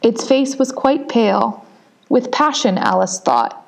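Gentle female storybook narrator, somewhat high voice. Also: expressive, measured pace, creaky. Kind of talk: storybook reading aloud.

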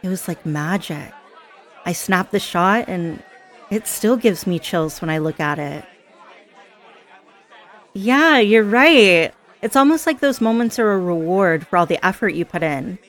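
A woman's voice: fairly low pitch, lively intonation, a little slow, some chatter behind. A woman playing a chatty, giggly party girl. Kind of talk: scripted audio role-play.

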